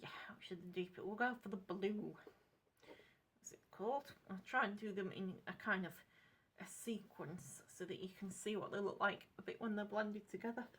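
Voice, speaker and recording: A woman's voice: mid-range voice, sharp tone, slight background noise. Chatty English woman rambling over crafts. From England. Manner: chatty and rambling, corrects herself often, apologetic asides. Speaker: craft vlogger. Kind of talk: casual unscripted craft vlog chat.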